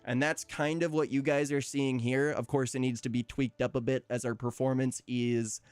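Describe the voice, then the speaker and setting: A man's voice: mid-range voice, flat delivery, normal speed, a little mellow, clean tone. A man streaming casually, chatting with his viewers, laughing often and reading out their messages. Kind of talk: casual live-stream chat.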